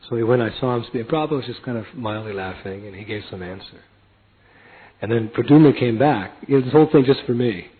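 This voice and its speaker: Older man, lively storyteller, laughs a lot, mimics chanting, mid-pitched, tinny phone-like audio. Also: fast, breathy edge. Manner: animated, laughing, acts out voices and chanting. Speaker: devotee recounting a personal story. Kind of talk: anecdotal storytelling talk.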